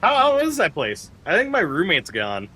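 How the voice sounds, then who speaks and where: Animated, bright-voiced joking streamer man. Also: sits high, moderate pace, husky. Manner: joking, rambling, reacting loudly to the game. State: stuffy nose. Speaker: livestreamer. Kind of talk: casual live gameplay commentary.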